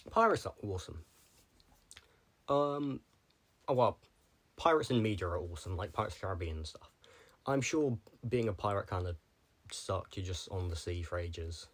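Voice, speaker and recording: A young man with a low voice talks a little fast to the camera in a casual vlog. He rambles from one tangent to the next, using lots of filler words.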